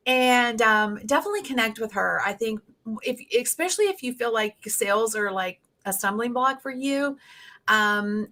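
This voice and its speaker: Bright-voiced chatty Southern woman host. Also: on the high side, animated, normal speed. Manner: chatty, folksy, many fillers. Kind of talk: casual interview chat.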